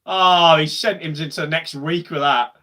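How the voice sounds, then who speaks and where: Bright-voiced lad on a match watch-along. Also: male voice, fairly high pitch, fairly even intonation, moderate pace. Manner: chatty, swings to loud shouting at goals. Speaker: football watch-along streamer.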